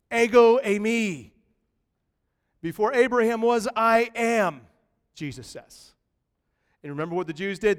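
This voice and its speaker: A man preaching a lively, conversational sermon in a church, swinging from quiet asides to loud bursts. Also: high-pitched, smooth. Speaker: pastor. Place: church sanctuary. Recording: long reverb of a large hall.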